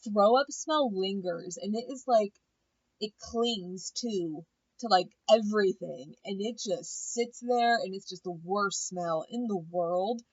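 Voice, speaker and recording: A woman's voice: medium pitch, takes it slowly, no echo, muffled recording. A woman giving a blunt, profane, opinionated casual recap of a reality show.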